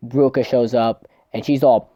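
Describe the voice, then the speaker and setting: A man's voice: mid-range voice, steady tone, measured pace, warm tone, no echo, highs cut off. A man casually recapping a manga chapter, rambling, swearing and tripping over his words. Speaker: manga reviewer.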